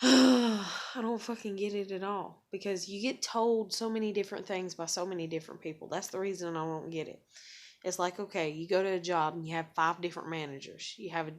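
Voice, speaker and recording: A woman's voice: on the low side, fairly even intonation, brisk. Young woman ranting with profane sarcasm. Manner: profane, rambling, heavy with "like" and "you know"; sarcastic, self-mocking. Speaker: vlogger. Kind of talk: casual venting monologue.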